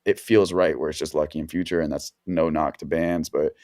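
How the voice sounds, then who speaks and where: A man's voice: extremely low pitch, steady tone, fairly quick, darkish tone. A man, a music producer on a podcast, telling stories in a laid-back, rambling way full of slang and fillers. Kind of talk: casual podcast storytelling.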